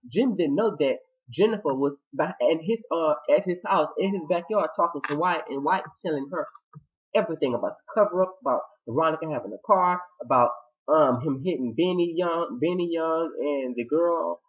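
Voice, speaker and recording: A man giving a chatty, excitable review of a TV episode, retelling scenes with dramatic asides. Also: a little high, normal speed, husky, lo-fi sound. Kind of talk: casual recap vlog.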